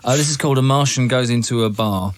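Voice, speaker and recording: A man's voice: medium pitch, quick pace, no room sound. Offbeat rambling studio guest, man. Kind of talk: casual studio chat.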